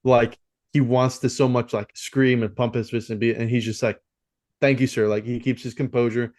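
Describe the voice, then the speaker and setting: A man's voice: mid-range voice, little pitch movement, moderate pace, a little mellow. A man co-hosting a film podcast, talking casually and rambling with many fillers and restarts. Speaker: podcast co-host.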